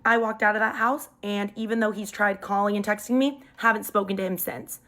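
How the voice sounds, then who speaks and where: Young woman, casual storyteller, phone mic, lively delivery with pitch jumps. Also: brisk.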